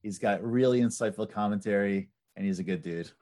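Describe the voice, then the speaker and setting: A man chatting as a podcast guest, telling animated stories full of fillers like "like" and "right". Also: lowish voice, a little fast. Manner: animated storyteller with lots of fillers. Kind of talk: casual chat.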